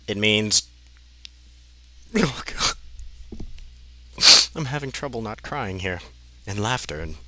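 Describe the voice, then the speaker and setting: A man's voice: sits low, very noisy. A man doing a mock-dramatic comedic reading of a fan fiction, exasperated and swearing as he comments on it. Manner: exasperated, swearing, breaking up in disbelief.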